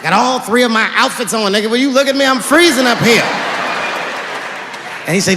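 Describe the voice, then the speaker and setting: A middle-aged man doing stand-up storytelling on a theater stage, animated and profane, with exasperated outbursts. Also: sits high, fairly quick, a faint crowd, slight background noise. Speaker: stand-up comedian. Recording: theater hall reverb with faint audience ambience.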